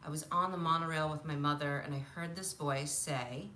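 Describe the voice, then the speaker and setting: A woman in her fifties telling stories from her childhood on a live stream, animated, laughing often and acting out what people said. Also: deep voice, normal speed, a little hiss or hum. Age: 50s. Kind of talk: casual storytelling on a live stream. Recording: roomy echo.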